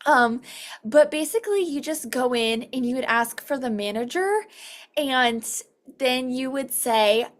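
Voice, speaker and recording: A woman's voice: high voice, animated, measured pace. A woman leading a casual online sales training over a video call, upbeat and chatty, acting out quoted dialogue as she explains.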